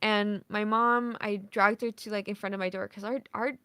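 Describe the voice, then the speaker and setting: A woman's voice: medium pitch, steady tone, moderate pace, sharp tone, smooth, no echo. A woman, a podcast guest, telling a casual story in a rambling way, full of "like" fillers and swearing.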